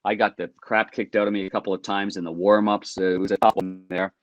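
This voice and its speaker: A middle-aged man, a former hockey goalie, telling lively anecdotes on a podcast and acting out quotes. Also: lowish voice, quick pace, a little hiss or hum. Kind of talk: casual storytelling.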